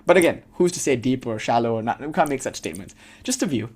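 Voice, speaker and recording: A man's voice: mid-range voice, expressive, fast, darkish tone, breathy edge. A man giving a casual spiritual lecture full of storytelling, rambling and filling his sentences with "like.". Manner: rambling, heavy use of "like", laughs.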